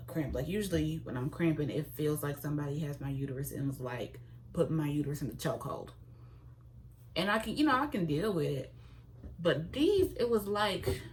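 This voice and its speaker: Young female vlogger, low pitch, chatty and expressive, slight hiss. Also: rough recording. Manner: chatty and expressive, with sudden high-pitched exclamations. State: pregnant. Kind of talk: casual chat to camera.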